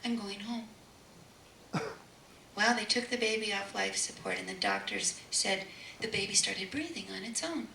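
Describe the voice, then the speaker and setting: A woman giving an inspirational talk, telling a story with emphatic repetition and sudden hushed passages. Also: medium pitch, huge pitch swings, normal speed, gravelly. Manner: emphatic, repeats key words, drops to hushed tones. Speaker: spiritual speaker. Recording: echoey room, distant mic, faint noise.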